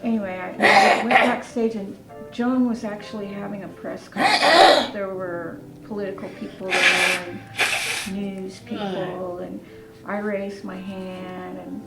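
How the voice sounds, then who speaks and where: An older woman hosting a casual chat, telling stories in an animated way and acting out quotes. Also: mid-range voice, unhurried, gravelly. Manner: animated storyteller, acts out quotes. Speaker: host. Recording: echoey room with music behind.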